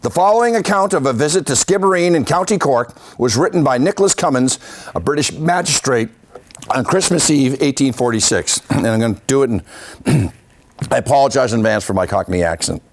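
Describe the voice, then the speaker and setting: A man's voice: mid-range voice, animated, brisk. A man giving a history lecture at a senior center, adding pointed asides to his audience. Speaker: local historian giving a talk. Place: senior center meeting room.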